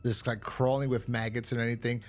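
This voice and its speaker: A man's voice: medium pitch, flat delivery, brisk. A man co-hosting a horror podcast, recapping an episode in a rambling, casual way, swearing now and then. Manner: rambling, full of fillers and profanity. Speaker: podcast co-host.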